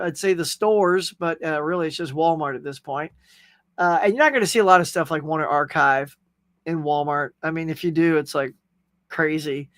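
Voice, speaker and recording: A man's voice: on the high side, dry recording. A man hosting a casual live chat show, rambling in a friendly, talkative way as he answers viewer comments. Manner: rambling, chatty, friendly, with frequent fillers and laughs. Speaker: host.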